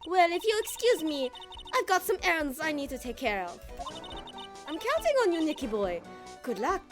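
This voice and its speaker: A woman's voice: high-pitched, sing-song, moderate pace, over music. A woman voicing a flirty, doting French wife in a game, with a put-on French accent and a theatrical sing-song manner. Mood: breezy.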